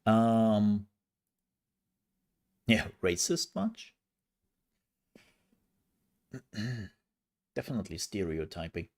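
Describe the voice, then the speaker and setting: A man's voice: lowish voice, expressive, drawn-out words, long pauses. A man streaming, chatting casually with viewers in a rambling, self-mocking way. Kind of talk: casual live-stream chat.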